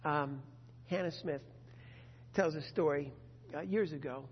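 A man's voice: fairly high pitch, unhurried, husky. A man preaching a sermon in an earnest manner, building to emphatic bursts. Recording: dull long-reverb hall sound.

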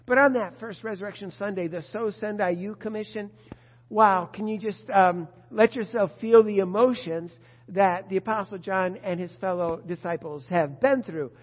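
A pastor preaching a sermon to his congregation, emphatic and expressive. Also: high-pitched, moderate pace. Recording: dull lo-fi sound with long reverb.

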